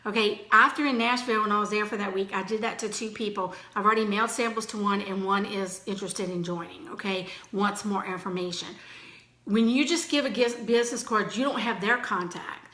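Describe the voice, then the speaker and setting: A woman giving a chatty, energetic motivational training talk to her team, full of fillers. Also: mid-range voice, a little fast, reverberant.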